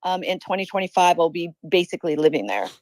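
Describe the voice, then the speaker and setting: A woman's voice: on the low side, big pitch swings, quick pace, a little mellow, dry recording. A woman speaking as a guest on a casual podcast, chatty and enthusiastic, leaning on fillers like "you know what I mean".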